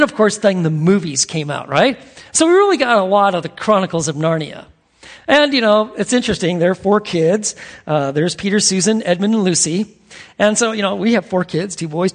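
A man's voice: high-pitched, gravelly. A man preaching a sermon as pastor, telling stories in a casual, chatty way with many fillers.

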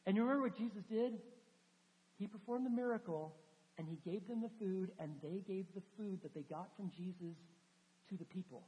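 Preacher, lively storytelling sermon, long hall reverb, muffled lo-fi sound. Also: mid-range voice, moderate pace. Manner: animated storytelling, acting out quoted dialogue.

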